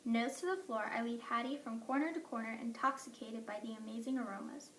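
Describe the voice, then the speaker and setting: Woman narrator, expressive children's story reading, slightly high voice, echoey distant recording. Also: brisk, a little hiss or hum. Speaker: audiobook narrator. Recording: echoey room, mic at a distance.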